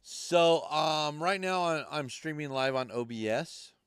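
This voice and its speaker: A man's voice: fairly high pitch, measured pace, a bit bright, smooth, no echo, clean studio sound. A man hosting a live podcast stream, talking loosely and cursing as he rambles through tech troubles. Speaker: podcast host. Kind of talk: casual live-stream chat.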